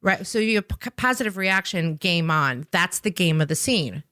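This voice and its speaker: A woman's voice: fairly low pitch, expressive, moderate pace, pushed and bright, no room sound, clean studio sound. A woman, a sales trainer with an improv background, explaining with energy and emphasis, often tagging a questioning "right?" onto her points. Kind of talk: conversational podcast explanation.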